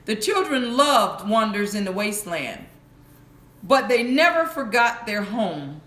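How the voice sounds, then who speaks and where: Slow-reading woman telling a bedtime story. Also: mid-range voice, lively intonation, fairly bright tone. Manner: slow, careful reading with small restarts. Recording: echoey room.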